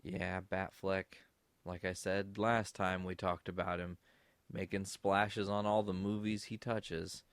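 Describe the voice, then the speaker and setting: A man's voice: low-pitched, little pitch movement, slow, clear, resonant tone, no room sound. A man co-hosting a podcast in casual chat, blunt and enthusiastic, swearing freely. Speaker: podcast co-host.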